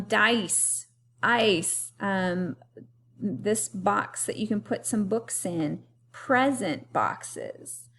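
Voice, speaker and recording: A woman teacher speaking to young children in an unhurried, deliberate way, spacing out her words. She has a middle-range voice and keeps stopping so the class can say words back after her. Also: mid-range voice. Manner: slow, clearly paced teacher talk with call-and-repeat. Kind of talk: remote lesson for young children.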